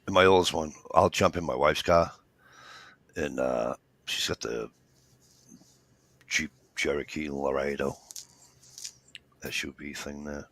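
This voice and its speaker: A man's voice: a bass voice, measured pace, pauses often, a bit bright, no echo. A man in his fifties in rambling casual chat, swearing freely as he tells stories. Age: 50s. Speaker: podcast co-host.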